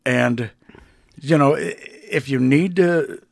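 A relaxed male podcast co-host talks at an ordinary mid pitch, loose and rambling with frequent fillers. He is in a small home studio. The sound is dry, with no room echo. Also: takes it slowly, creaky. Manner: laid-back, rambling with many fillers. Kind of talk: casual chat.

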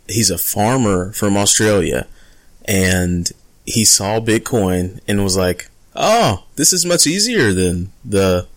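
A man co-hosting a podcast, chatting casually and enthusiastically. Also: sits low. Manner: enthusiastic, laughing. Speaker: podcast co-host.

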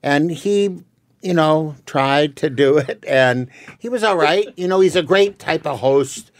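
A man's voice: on the high side, a little slow, no echo, studio quality. A man, a comedian, telling a story in a casual chat and acting out the dialogue. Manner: animated, acts out dialogue in the story.

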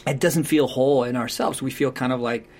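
A man's voice: medium pitch, fairly even intonation, brisk, darkish tone, a little hiss or hum. A man talking through parenting advice in a reflective, conversational way, often checking in with "right?".

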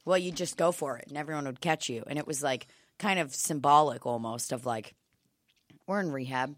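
Deep-voiced woman co-host, wry and offhand, close and dry. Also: a little fast, dry recording. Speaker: comedy podcast co-host. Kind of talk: casual comedy banter.

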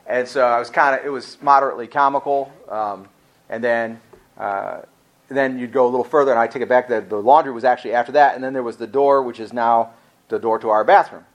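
A man's voice: medium pitch, fairly even intonation, a little fast, dull audio. Rambling, folksy male pastor preaching. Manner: rambling, corrects himself mid-story; folksy, talks directly to the congregation. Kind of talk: conversational sermon with personal storytelling.

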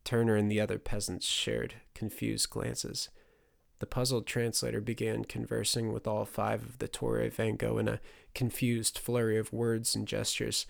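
Male audiobook narrator, measured narration, gravelly texture, dry close mic. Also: fairly low pitch, completely flat delivery, no echo. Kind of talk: scripted narration.

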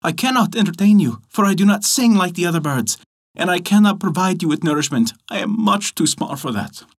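A man voicing a tiny, clever bird that mocks and teases in a raised, lively voice. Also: high-pitched, a little fast, voice pushed up. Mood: pleading. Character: tiny clever mocking bird, sly and cheeky.

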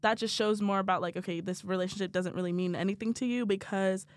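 A woman's voice: medium pitch, fast, no echo. Blunt, swearing young woman, dry close mic. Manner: blunt, swears freely, quotes others in lively asides. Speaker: podcast co-host. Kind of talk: casual chat.

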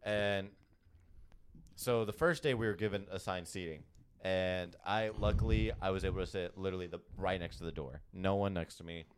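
A man's voice: low voice, moderate pace, slight background noise. A young man on a casual podcast, telling a story with lots of laughs, swearing and quoted dialogue. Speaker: podcast co-host.

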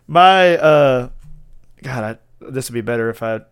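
A man in his thirties, hosting a podcast, chatting excitedly and rambling with frequent laughter. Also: medium pitch, measured pace, clean tone, no echo, studio quality. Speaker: podcast host. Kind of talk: casual chat.

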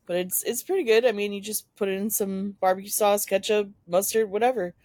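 A woman's voice: medium pitch, steady tone, a little fast, a little mellow, no echo. Laid-back woman co-host, dry phone sound. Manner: laid-back, joking, many fillers. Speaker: podcast co-host. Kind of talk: casual chat. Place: at home, separate from co-host. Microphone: phone over hotspot.

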